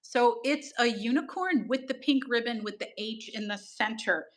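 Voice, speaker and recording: Bubbly, bright-voiced woman selling live. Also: on the high side, normal speed. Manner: bubbly, gushing, talks to viewers by name. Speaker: live-stream seller. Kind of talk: chatty live auction selling.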